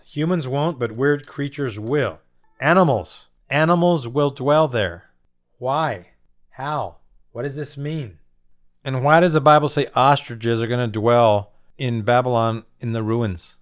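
A man's voice: medium pitch, a little slow. A man teaching on Bible prophecy, reading scripture and asking his listeners rhetorical questions in an emphatic style. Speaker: preacher.

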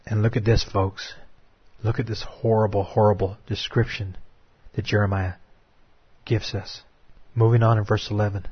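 A man preaching a sermon with impassioned, drawn-out dramatic phrasing. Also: fairly low pitch, husky, muffled recording.

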